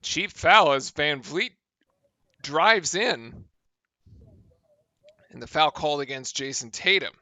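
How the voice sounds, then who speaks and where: Bright, crisp-voiced basketball play-by-play man. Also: fairly high pitch, no room sound. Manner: brisk, excited calls of the action. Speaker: play-by-play commentator.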